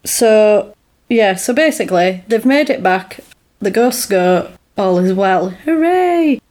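A woman chatting casually, retelling events with lively acted-out lines and laughs. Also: medium pitch, slow pace. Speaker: podcast co-host recapping a film. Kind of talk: casual chat.

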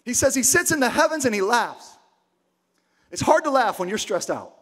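A male pastor delivers a sermon in a notably high voice. He preaches emphatically, repeating key words, climbing to shouts and then sinking to a hush. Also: big pitch swings, moderate pace. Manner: emphatic preaching with repetition, swings from loud shouts to hushed near-whispers.

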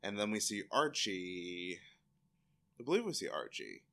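A man chats through a TV episode as a podcast co-host, his pitch swinging all over the place. His tone is bright and forward, and he keeps breaking into laughter and silly character voices as he retells scenes. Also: big pitch swings, a little slow, vocal fry. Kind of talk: casual chat recapping a TV episode.

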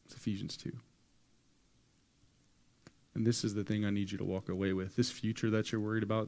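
A man with a fairly low, slightly mellow voice, a pastor, preaches a sermon to a congregation in a church hall with an audience. He tells a story using casual slang and acts out the quoted voices.

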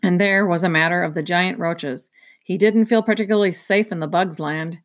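Woman, lowish voice, reading a children's chapter book aloud, steady and even. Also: normal speed. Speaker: reader.

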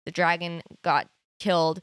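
Young woman w a lowish voice gushing about a sad bit, swears a lot, dry mic. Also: flat delivery, a little slow, fairly bright tone, smooth, no room sound. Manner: emotional, swears casually. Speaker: podcast co-host. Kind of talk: casual chat.

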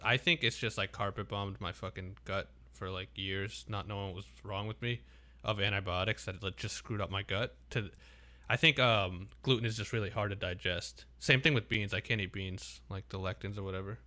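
Forceful low-voiced man swearing casually. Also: fairly even intonation, fairly quick. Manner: rambling, heavy swearing. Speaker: podcast co-host. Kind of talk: casual podcast chat.

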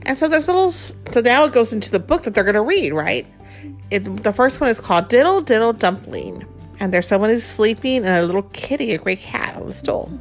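A woman's voice: mid-range voice, expressive, a little fast, faint music behind. A woman in her thirties hosting a podcast, reading a picture book aloud to her child, playful and chatty. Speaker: podcast host and mother.

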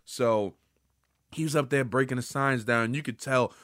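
A man hosting a podcast, giving casual, rambling pop-culture commentary full of swearing and sudden bursts of excitement. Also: medium pitch, moderate pace, no echo, clean studio sound. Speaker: podcast host.

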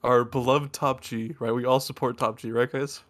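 A man's voice: mid-range voice, little pitch movement, normal speed, fairly bright tone. A man hosting a podcast in casual chat, laughing often and asking listeners to agree. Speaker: podcast host.

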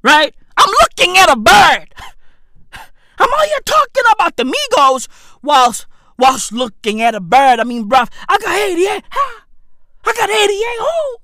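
Loud rambling woman in her thirties. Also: extremely high pitch, animated, measured pace, dry recording, studio quality. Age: 30s. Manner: loud, rambling, repeats herself, swears, slangy. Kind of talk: rambling comic monologue.

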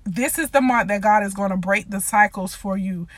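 A woman's voice: medium pitch, normal speed, dry recording. A woman preaching casually on her own podcast, slightly out of breath, talking informally between scripture and prayer. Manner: informal, prays aloud with repeated "Father God". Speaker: podcast host and lay preacher. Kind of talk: casual devotional podcast sermon.

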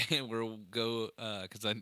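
A man tells funny stories in a loose, animated chat, laughing as he goes. His voice is very bright and crisp. The sound is dry and close, with no room around it. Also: fairly low pitch, unhurried, no echo. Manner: animated storyteller, laughs often. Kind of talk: casual chat.

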